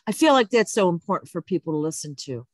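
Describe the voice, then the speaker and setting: Woman host giving warm affirming chat, dry sound. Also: on the low side, sing-song, fast talker, no echo. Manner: supportive, frequent affirming backchannels. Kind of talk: casual interview chat.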